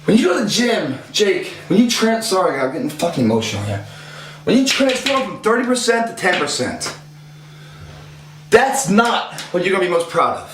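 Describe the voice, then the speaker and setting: A man's voice: high voice, sing-song, normal speed, a bit bright, reverberant, a little hiss or hum. A man in his thirties giving a casual motivational fitness talk, intense and profane, rambling, his voice rising when he gets fired up.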